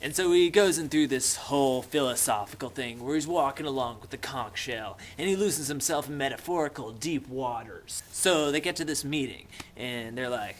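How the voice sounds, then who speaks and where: A young man giving a joking, offhand summary of a novel, breaking into shouted character voices. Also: medium pitch, moderate pace, few pauses, slight background noise. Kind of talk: comic book summary with voices.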